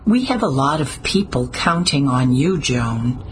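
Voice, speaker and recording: A woman reading the lines of a brisk, determined woman who calls out brightly and coaxes her old snowmobile softly. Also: very deep voice, expressive, slight background noise, poor audio. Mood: coaxing quiet.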